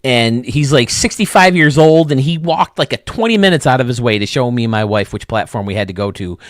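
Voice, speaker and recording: A man hosting a video game stadium show, chatting casually and excitably, with lots of restarts. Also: medium pitch, a little fast, no room sound, studio quality. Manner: rambling, excitable, many restarts. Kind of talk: casual chat.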